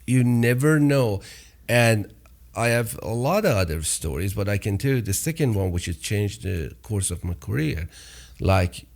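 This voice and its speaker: A man hosting a podcast, telling stories in a casual, animated and emphatic way. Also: on the low side, unhurried, creaky. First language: Farsi or German. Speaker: podcast host. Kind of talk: casual storytelling chat.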